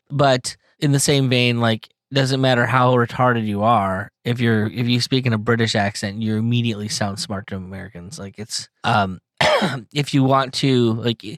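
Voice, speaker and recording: Rambling, profane podcast host. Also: male voice, mid-range voice, fairly even intonation, moderate pace, a bit bright, dry recording. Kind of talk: casual chat.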